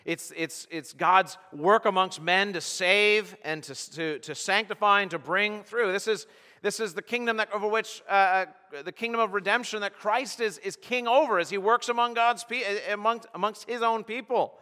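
A man preaches an expository sermon in a high, bright voice. He is earnest and emphatic and often restarts his phrases as he explains the text. His voice rings out in a large church hall with long reverb. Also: moderate pace. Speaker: pastor.

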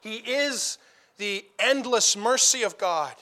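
A man preaching a sermon, emphatic and repeating phrases for stress as he builds to loud declarations. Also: high voice, lively intonation, slow.

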